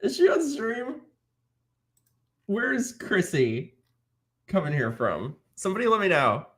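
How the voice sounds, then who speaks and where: A man's voice: sits high, wildly swooping pitch, a little slow, fairly bright tone. A man hosting a casual reaction stream, crude and mocking, swearing freely. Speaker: host.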